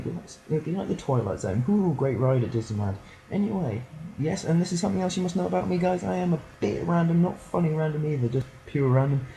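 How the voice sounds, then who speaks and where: A man's voice: fairly high pitch, dark tone. Joking teen boy gaming commentator. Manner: rambling, joking, does silly voices for game characters. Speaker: gameplay commentator. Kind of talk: let's play commentary. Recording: poor audio, slightly distant at times.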